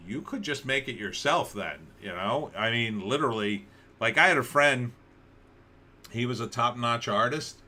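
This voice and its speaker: Sarcastic man with a bright voice. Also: mid-range voice, lively intonation, moderate pace. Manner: sarcastic, rambling with frequent restarts. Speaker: livestream host. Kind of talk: casual livestream news commentary.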